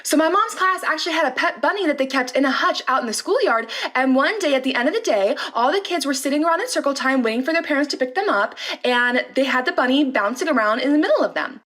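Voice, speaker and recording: A young woman telling funny personal stories in a casual, animated way, with laughter between anecdotes. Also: sits high, fast talker, hardly any pauses. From Southern California. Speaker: storyteller vlogger.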